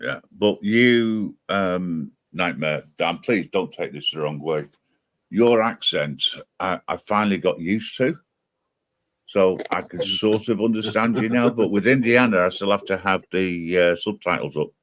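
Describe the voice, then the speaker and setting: Low-voiced teasing male stream host. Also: a little slow, no echo. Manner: teasing, laughs at his own jokes. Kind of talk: casual group chat on a live stream.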